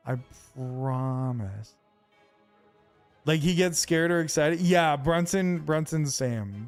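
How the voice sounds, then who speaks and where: Laid-back man rambling while streaming. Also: mid-range voice. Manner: rambling, relaxed, lots of fillers. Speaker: game streamer. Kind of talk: casual gaming commentary, chatting with viewers.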